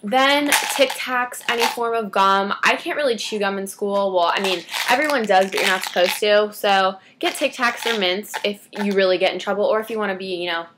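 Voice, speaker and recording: A woman's voice: mid-range voice, moderate pace, hardly any pauses, background noise. A teenage girl talks to camera in a casual beauty vlog. She rambles with chatty asides and backtracks. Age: teens. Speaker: beauty vlogger.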